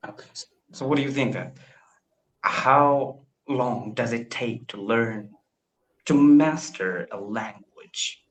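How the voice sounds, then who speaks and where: A young man from India talks over a video call in an eager, self-deprecating way, stumbling and restarting as he explains himself. His voice sits at an ordinary middle pitch for a man. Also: slow pace, low-quality recording. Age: 20s. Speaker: language learner. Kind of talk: casual video call conversation.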